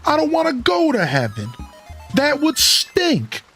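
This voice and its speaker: A tearful little boy wails in high, frantic panic, as a man puts on the voice. Quiet game music plays underneath him. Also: wildly swooping pitch, unhurried, exaggerated voice. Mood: panicked.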